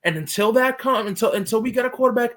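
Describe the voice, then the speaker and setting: A man's voice: very high voice, quick pace, fairly bright tone. A man co-hosting a podcast in casual banter, ranting emphatically and swearing freely. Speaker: podcast co-host.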